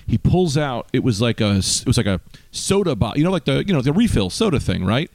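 A man's voice: mid-range voice, fast, no room sound. A man from North Jersey, a podcast guest telling stories in casual chat and swearing freely. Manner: animated storyteller, swears freely.

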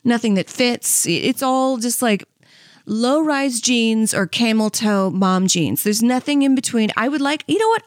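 Fairly high-pitched with lively intonation and a slightly slow pace, this woman in her thirties hosts a comedy podcast, rambling candidly and poking fun at herself in a comedic monologue. She says "like" and "you know what I mean" often, and the recording is dry with clean studio sound.

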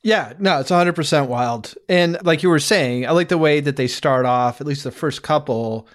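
A man's voice: a little high, moderate pace. A man co-hosting a podcast review in an easygoing, mildly skeptical chat. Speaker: podcast co-host.

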